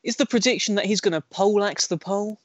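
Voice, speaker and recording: A man's voice: high voice, fast talker, dry recording. A man hosting a casual boxing podcast, jokey and upbeat, teasing his co-host.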